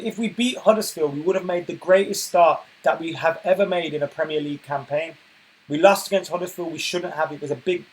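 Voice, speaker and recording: A man hosting a casual football live stream, chatting and reading viewer comments aloud, getting loud and worked up when he rants. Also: fairly high pitch, slight background noise, low-quality recording. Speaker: football channel host reading live chat.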